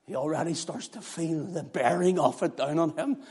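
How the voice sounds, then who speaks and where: High-voiced preacher in an echoey hall. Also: male voice, animated, normal speed, breathy edge. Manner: swings from loud exclamations to hushed near-whispers. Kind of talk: impassioned sermon.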